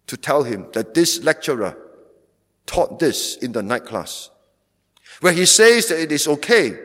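A man preaching a sermon, emphatic, stressing points by repeating phrases. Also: fairly high pitch. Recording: long hall reverb.

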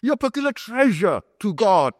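A man's voice: high-pitched, very animated, moderate pace, no echo, clean studio sound, big-room sound. A male pastor preaching a sermon, emphatic, repeating key phrases and quizzing the room like a teacher. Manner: explains like a teacher, asks the room questions.

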